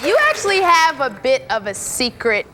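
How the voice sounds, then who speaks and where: A woman's voice: high voice, sing-song, moderate pace. A woman hosting a reunion show, upbeat and prodding the guests with questions. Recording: loud studio crowd and noise.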